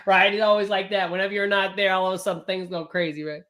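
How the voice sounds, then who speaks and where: Brief: male live-stream trading host, bright ringing voice, blunt and profane, lots of energy. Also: high voice, little pitch movement, quick pace. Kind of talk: live-streamed casual teaching.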